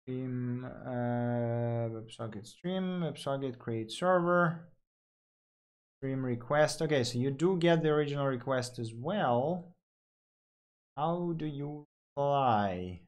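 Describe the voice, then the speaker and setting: A man's voice: mid-range voice, animated, takes it slowly. A man talking through live coding on screen, thinking aloud with fillers and self-corrections.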